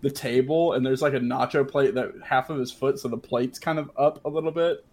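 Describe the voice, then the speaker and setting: A man's voice: medium pitch, steady tone, a little fast, darkish tone. A man narrating as game master, casually describing the scene.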